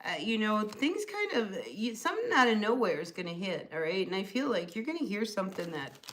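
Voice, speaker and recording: A woman's voice: mid-range voice, sing-song, a little fast, a bit bright. A woman with a New Jersey accent, chatting loosely through a live tarot reading with lots of fillers. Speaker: tarot reader.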